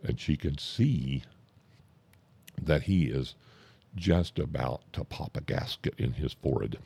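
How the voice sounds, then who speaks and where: A man spins a comic anecdote in a slow, drawn-out, deadpan way, stopping now and then to correct himself. His voice sits extremely low with a gravelly rasp. The tone is dark and husky. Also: dry recording. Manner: drawn-out, deadpan delivery with self-interruptions. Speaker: comic storyteller.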